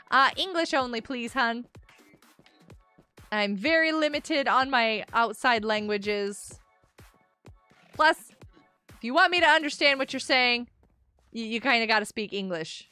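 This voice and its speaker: A woman streaming a game live, chatting casually and reading messages from the chat aloud, with excitable outbursts. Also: on the high side, measured pace, long pauses, clear, resonant tone, soft background music.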